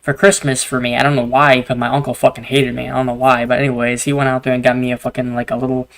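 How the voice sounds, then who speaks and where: A man's voice: medium pitch, little pitch movement, fast, gravelly, a bit bright. Rambling, foul-mouthed young man telling stories. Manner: rambling, swears a lot, restarts often. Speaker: gaming video host. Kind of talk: casual storytelling chat while gaming.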